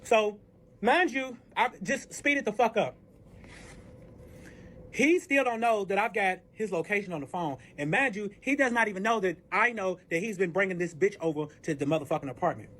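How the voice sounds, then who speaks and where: With a high, somewhat bright voice and a moderate pace, a man appearing as a storyteller guest tells a cheating story in a casual storytime. He's animated, profane and dramatic, voicing the quoted arguments himself.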